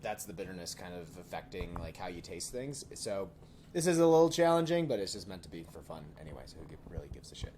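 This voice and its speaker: A man hosting a casual beer-tasting podcast, talking with a lively, swooping pitch and laughing often. He explains brewing terms in an easy, chatty way. Faint noise sits under the recording. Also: quick pace. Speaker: podcast host. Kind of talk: casual chat.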